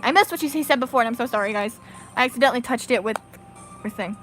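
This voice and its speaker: A young woman streaming a game, excitable and loud in her casual chat. Her voice is high and bright, with faint music behind it. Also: quick pace. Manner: excitable, yelling, laughing.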